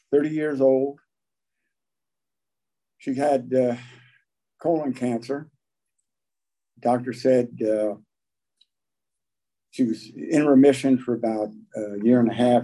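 An older man telling his recovery story at a meeting, folksy and halting, with frequent pauses. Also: mid-range voice, mellow, rough recording. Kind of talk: personal recovery talk.

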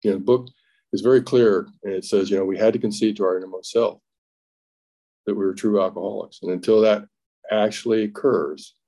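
Low, mellow-voiced man telling his story. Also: steady tone. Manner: plainspoken storyteller, halting restarts, acts out quotes. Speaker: recovery speaker sharing his story. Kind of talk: personal testimony at a recovery meeting.

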